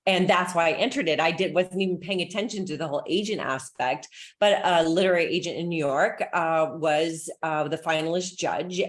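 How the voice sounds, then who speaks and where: A middle-aged woman novelist on a panel, steadily recounting her start with a few fillers. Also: sits low. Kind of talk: panel discussion.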